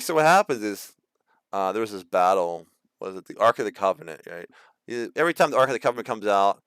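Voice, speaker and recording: A man's voice: fairly low pitch, a bit bright, smooth, no room sound. A man in his thirties, casually ranting in a rambling monologue full of fillers and restarts. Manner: acts out quoted voices mockingly. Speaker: video host.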